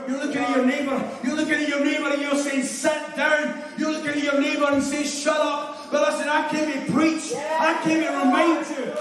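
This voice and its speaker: A Glaswegian man preaching a fervent sermon as pastor, repeating his lines in rising call-and-response and often breaking into shouts. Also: extremely high pitch. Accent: Glaswegian Scottish. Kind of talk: impassioned sermon. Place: large church hall. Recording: echoey hall, distant mic, congregation. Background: congregation responding.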